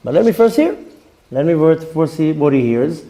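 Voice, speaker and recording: A man's voice: fairly high pitch, big pitch swings, moderate pace, dark tone. A middle-aged man giving an informal Torah class, talking conversationally with many fillers and restarts and acting out quoted voices. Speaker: rabbi teaching a Torah class. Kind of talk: informal Torah lecture with personal stories.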